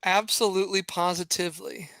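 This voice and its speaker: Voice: mid-range voice, a little fast, vocal fry, fairly bright tone, no room sound. A player chatting casually and matter-of-factly while working through a board game online. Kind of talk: casual game-stream chat.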